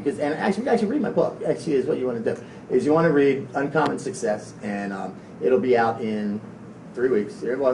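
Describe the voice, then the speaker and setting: A man giving a live motivational talk to an audience, rambling and tripping over repeated words. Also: darkish tone. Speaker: motivational speaker. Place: event room. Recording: echoey room from a distance, faint low rumble.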